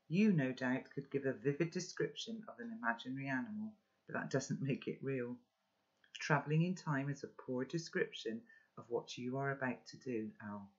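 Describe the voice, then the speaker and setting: A man's voice: medium pitch, natural voice. A man reading a loving father's letter to his son aloud, earnest and instructive. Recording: dull, lo-fi recording.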